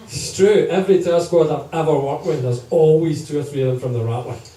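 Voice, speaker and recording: A man with a slightly high, mellow voice speaks a little quickly as he tells comic stories to a live crowd at a music gig, keeping it chatty and checking in with them. The room is echoey and the mic sits at a distance.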